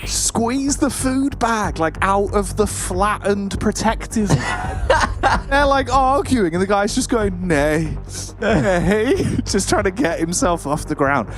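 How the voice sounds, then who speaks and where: In casual co-commentary banter over an esports match, this man tells stories animatedly, laughing often and swearing offhandedly. His voice is high and slow, and the noisy recording has soft background music.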